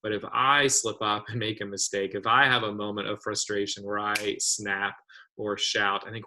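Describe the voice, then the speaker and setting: A man's voice: lowish voice, little pitch movement, moderate pace, sharp tone, poor audio. A man hosting an online community discussion over a video call, talking thoughtfully with many fillers and restarts. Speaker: webinar host.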